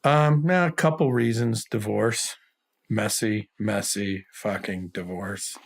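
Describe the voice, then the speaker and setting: Gravelly, fairly low, and slow, this middle-aged man is a former soldier being interviewed as a guest. His storytelling is blunt, casual, and profane, full of constant swearing and impressions of the people he quotes.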